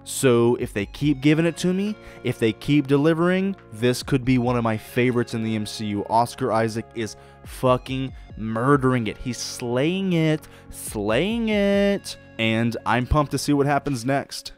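A man hosting his own podcast, giving a blunt, profane, excitable solo review and acting out quoted lines. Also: mid-range voice, normal speed, hardly any pauses, soft background music. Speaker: podcast host reviewing shows. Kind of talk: casual solo review monologue.

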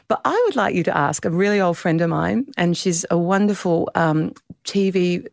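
An Australian woman in her fifties, a guest author telling a tender personal story with halting restarts. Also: fairly low pitch, gravelly, no echo, studio quality. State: tearful at times.

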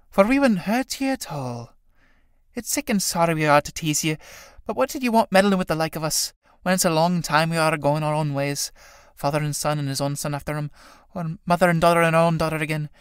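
A man's voice: a little high, a little fast, smooth, no room sound, studio quality, lightly acted. A man doing a crooning old tinker woman. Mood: soothing. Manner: soothing, crooning. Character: old woman tinker, fond of drink, coaxing.

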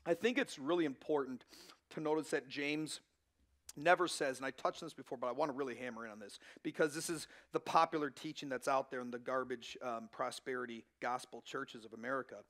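A man's voice: mid-range voice, fairly bright tone. A male pastor preaching a sermon in a conversational, emphatic way, often checking in with the congregation.

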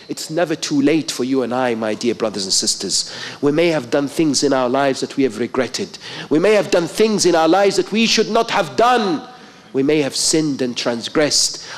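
Give me a man preaching with passion, his pitch swinging up on key words. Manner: impassioned storytelling with rising emphasis. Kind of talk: mourning-night sermon.

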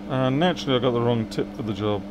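Against a noisy background, a middle-aged man talks fast in a mid-range voice. Working through a repair on stream, he chats loosely, muses aloud and replies to viewers' messages.

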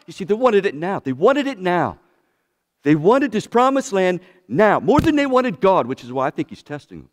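A man's voice: a little high, very animated, normal speed, long reverb tail. A man preaching a sermon as pastor, questioning his congregation often. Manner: asks the congregation many questions.

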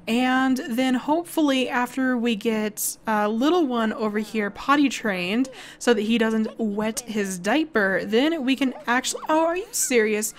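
A young woman chatting bubbly through a life-sim game as a let's play host, laughing and exclaiming often. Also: fairly high pitch. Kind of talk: casual gameplay commentary.

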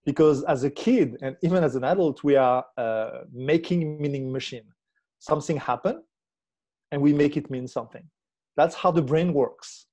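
A relationship coach with a slightly high, warm voice talks at a normal pace during an interview. He reflects on his ideas as he explains them, checking in with tag questions along the way.

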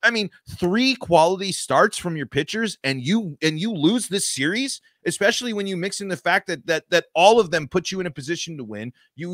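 A man co-hosts a sports podcast, ranting with emphatic frustration and stumbling over restarts. His voice sits a little high. The recording is close and dry. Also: fairly bright tone, no room sound. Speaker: podcast host.

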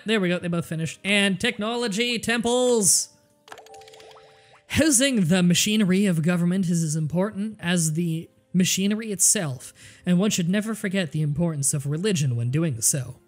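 Woman streamer, casual jokey commentary, swears a lot, soft game music under it. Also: fairly low pitch. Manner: joking, swears freely, thinks aloud. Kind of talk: casual gameplay livestream commentary.

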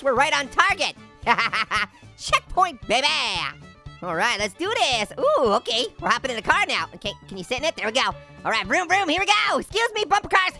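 Brief: woman game host, high and animated, bright, punny and excitable. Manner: excitable and jokey, punning and laughing, with big pitch jumps. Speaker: gaming channel host. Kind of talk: energetic let's-play commentary.

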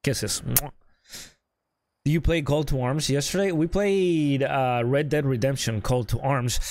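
A man's voice: medium pitch, normal speed, a little mellow, dry recording. A man casually commenting on a game match for a stream, chatty and joking with viewers. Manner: chatty, greets viewers, jokey.

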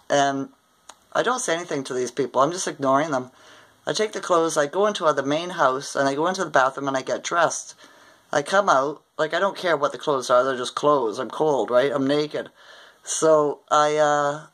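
Recounting a dream in a casual, wandering way, an older Ontario vlogger keeps adding "right?" to her sentences. Her voice is low-pitched yet fairly bright, and the audio is poor.

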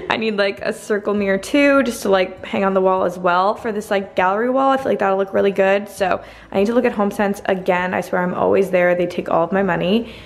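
Giggly young woman vlogging at home, gravelly. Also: medium pitch. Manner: chatty, giggly, self-mocking. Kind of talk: casual vlog chat to camera. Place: home kitchen and small room, indoors. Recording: noisy home camera audio.

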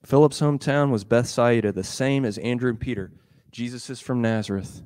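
A man's voice: mid-range voice, brisk. A man giving a sermon in a conversational style, retelling a gospel story and acting out its dialogue in voices. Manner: animated, acts out the dialogue in voices; conversational, with fillers and laughs. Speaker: pastor.

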